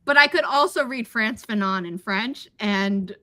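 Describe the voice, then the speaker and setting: A young adult woman hosting a casual livestream chat, telling lively stories and acting out what people said. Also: mid-range voice, measured pace. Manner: animated storyteller, acts out quotes. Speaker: livestream host.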